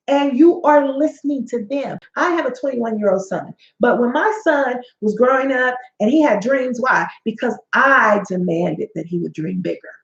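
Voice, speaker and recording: A woman in her forties, a life coach and host, giving a preachy motivational talk that is full of stories. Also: fairly high pitch. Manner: sassy, preachy, tells stories with acted-out quotes. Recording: echoey, dull-sounding room.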